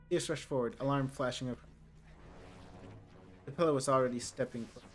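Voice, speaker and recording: A man playing a visual novel, reading its narration and dialogue aloud with quick asides of his own. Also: medium pitch, faint music behind. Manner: reads dialogue lines and narration plainly, with asides. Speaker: game streamer.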